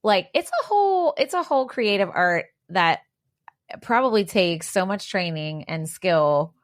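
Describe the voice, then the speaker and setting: Animated, teasing woman podcast co-host. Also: medium pitch, no room sound, studio quality. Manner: teasing, animated, quick reactions. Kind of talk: casual chat.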